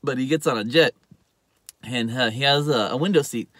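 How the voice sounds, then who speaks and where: A man recapping a TV episode in a casual, rambling way. He fills his speech with "uh" and "you know" and acts out quoted lines louder and higher. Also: normal speed, no echo. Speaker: TV show reviewer.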